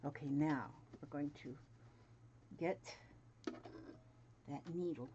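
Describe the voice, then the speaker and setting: A woman's voice: very deep voice, takes it slowly, pauses often. A woman in her seventies chatting casually and muttering to herself while she sews at home. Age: 70s. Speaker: crafting vlogger. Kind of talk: casual sewing demonstration. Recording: dull lo-fi home recording, faint noise.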